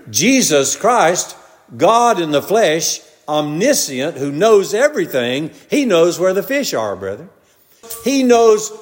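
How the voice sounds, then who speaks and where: An older man with a Southern US accent preaching a folksy, conversational sermon, telling homely stories and repeatedly addressing his listeners as "brethren.". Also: a little high. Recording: long reverb of a large hall.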